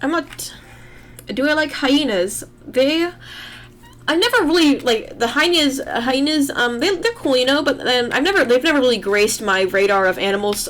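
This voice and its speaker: Young woman, casual livestream chatter, rambling, self-deprecating, mid-pitched voice, home computer mic. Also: fairly bright tone, a little hiss or hum. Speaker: artist streaming while drawing.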